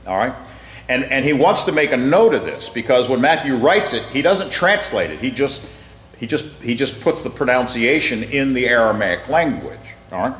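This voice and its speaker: A man's voice: mid-range voice, lively intonation, moderate pace, a bit bright. A man teaching a Bible study class in a conversational way, quizzing the group and often repeating his words. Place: room with a class present. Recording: echoey hall reverb.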